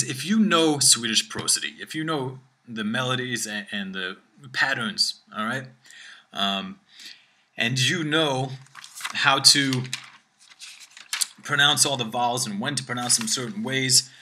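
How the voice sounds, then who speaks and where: Bright-voiced man teaching pronunciation. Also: mid-range voice. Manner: says "all right?" constantly, demonstrates words slowly. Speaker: language teacher. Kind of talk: language lesson monologue.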